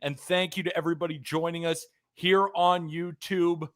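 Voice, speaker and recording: A man hosting a live sports podcast, reacting excitedly and rambling after a game. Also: a little high, normal speed.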